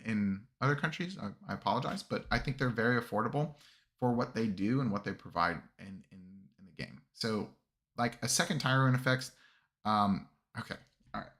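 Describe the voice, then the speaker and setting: A man hosts a casual livestream with a bright, forward tone. He rambles through fillers and restarts and chuckles often. He sounds close to his desk mic. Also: mid-range voice. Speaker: streamer reviewing army lists.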